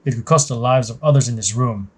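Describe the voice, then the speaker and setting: A man's voice: medium pitch, quick pace, darkish tone, husky, natural voice. A man voicing a stern woman military captain who gives firm, clipped orders, read aloud from a game's story text.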